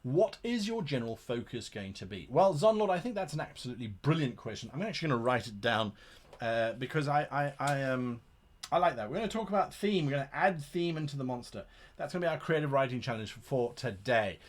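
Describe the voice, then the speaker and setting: A man's voice: medium pitch, expressive, fairly quick. An Englishman hosting a casual live Q&A as a game master, reading out chat questions in a chatty, enthusiastic way and often repeating words while he thinks. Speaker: livestream host and game master.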